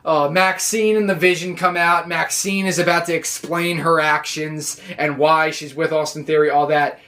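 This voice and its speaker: A man recapping a wrestling show in a casual, excitable, rambling way, full of "like" and restarts. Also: on the high side, normal speed. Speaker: wrestling reaction vlogger.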